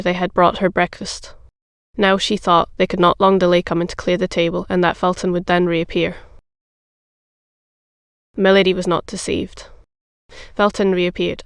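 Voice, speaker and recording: A narrator reading a classic novel in an even, measured audiobook delivery. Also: mid-range voice, creaky, clear, resonant tone, dry recording, clean studio sound.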